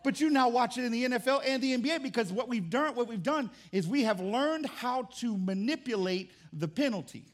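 Man, pastor, high voice, emphatic jokey sermon, exclamations. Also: lively intonation, brisk, few pauses.

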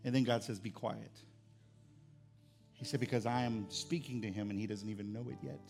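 A middle-aged man, a pastor preaching a sermon to his church, building to loud, emphatic repeated phrases. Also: mid-range voice, fairly even intonation, fast talker, faint music behind. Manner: rising to loud emphatic repetition. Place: church service.

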